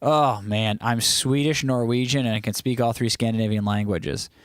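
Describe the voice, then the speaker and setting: A man's voice: mid-range voice, steady tone, normal speed, no room sound, clean studio sound. Casual man chatting on a livestream. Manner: loose, chatty, reacts to chat messages. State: throat clearing, scratchy throat. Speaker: livestream host. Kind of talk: casual chat reading live comments.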